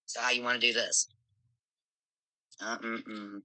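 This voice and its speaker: A woman's voice: very deep voice, little pitch movement, takes it slowly, sharp tone, no echo, poor audio. A woman hosting a live stream, brashly moderating callers and scolding them with plenty of profanity. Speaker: livestream host.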